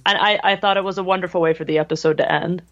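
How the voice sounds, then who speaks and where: A podcast co-host talking casually, warm and agreeable. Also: mid-range voice, steady tone, racing, dull audio.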